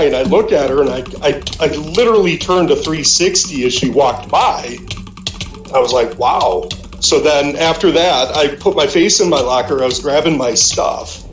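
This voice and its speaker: A man in his fifties from Minnesota, telling an animated, profane story on a voice call and acting out the quotes. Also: a little high, roomy sound. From Minnesota, USA. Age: 50s. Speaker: guest, a friend's dad on a call.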